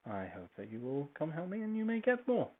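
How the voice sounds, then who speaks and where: A man's voice: fairly high pitch, huge pitch swings, fairly quick, pitched above the performer's own voice. A man voicing an ageless, all-knowing noblewoman who speaks in a gracious, formal way while offering a quest. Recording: tinny phone-like recording with faint hiss.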